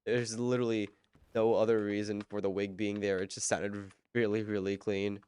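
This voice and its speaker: A man's voice: fairly low pitch, level tone, normal speed, darkish tone, smooth, no room sound. A man streaming a game live, chatting casually and rambling as he answers viewers' chat while he plays.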